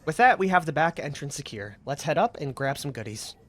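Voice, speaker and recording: A man giving casual, excitable commentary as he plays a video game. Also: a little high, a little fast. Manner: chatty, excitable reactions. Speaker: gaming video creator.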